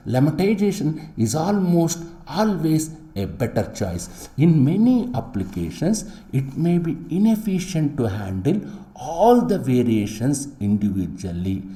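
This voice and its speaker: A man's voice: a little high, warm tone. A man giving a classroom lecture, repeating key words and asking rhetorical questions to stress his points. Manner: repetitive, emphatic teaching with rhetorical questions. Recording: echoey room.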